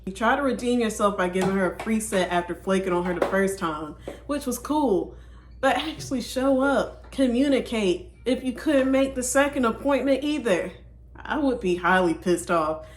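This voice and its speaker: A woman's voice: fairly high pitch, lively intonation, moderate pace. Chatty woman host in an echoey room. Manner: chatty, talks straight to viewers. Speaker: host reacting to clips. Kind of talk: casual reaction commentary. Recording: echoey room with faint noise.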